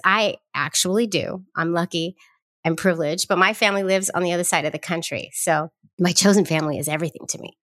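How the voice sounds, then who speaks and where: A woman's voice: mid-range voice, fairly bright tone, no room sound. A woman hosting a podcast, bubbly and effusive, talking close to the mic. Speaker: podcast host. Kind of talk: enthusiastic podcast interview.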